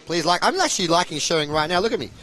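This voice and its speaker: A man's voice: a little high, lively intonation, racing, bright, forceful tone. A man hosting a live pool stream, eagerly promoting it and commenting at length.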